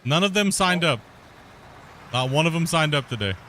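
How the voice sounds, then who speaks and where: A man's voice: on the high side, expressive, moderate pace, pushed and bright, a little hiss or hum. A man hosting a live multiplayer game stream, joking and laughing easily with his co-players. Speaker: streamer host.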